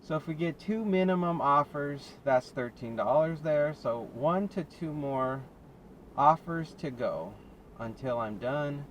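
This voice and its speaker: A man's voice: fairly high pitch, expressive, a little slow, rough recording. A man with an American accent, a delivery driver vlogging in his car; chatty and self-mocking, he laughs often and sounds short of breath. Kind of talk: casual running commentary while driving. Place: inside a car on city streets. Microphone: dash cam or phone mic in car. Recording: road noise in a moving car. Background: car and road noise.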